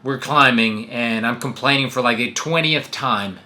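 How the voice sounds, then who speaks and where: A young man in his twenties telling a personal story to camera in an earnest, animated way. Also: medium pitch, normal speed. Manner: earnest, animated retelling with acted quotes. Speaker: vlogger. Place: New York City.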